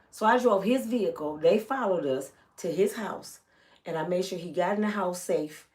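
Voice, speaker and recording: A middle-aged woman vlogs a personal story for her viewers, her voice on the low side at a normal speed. She's animated, swinging between loud and hushed, and acts out the people she quotes.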